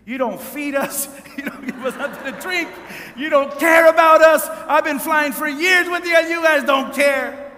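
A frail old woman in pain yells her complaints in a high, bright voice, as a man puts her on. She scolds hard and loud, and a long hall echo trails behind her. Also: normal speed, slight background noise. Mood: angry scolding. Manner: yelling, scolding. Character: frail elderly woman, hurt and furious. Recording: reverberant hall.

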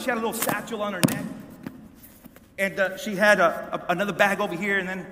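A man's voice: sits high, steady tone, fairly quick, noisy background. A man preaching a sermon, telling a story animatedly to an audience in a large hall, often repeating words. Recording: reverberant hall.

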